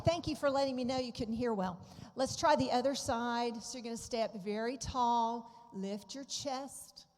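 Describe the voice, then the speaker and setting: A woman's voice: fairly high pitch, a little mellow. A woman, a physical therapist, leading a seated exercise class on a handheld microphone, giving upbeat, encouraging step-by-step instructions. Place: large hall at a medical symposium. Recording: reverberant hall, faint room noise.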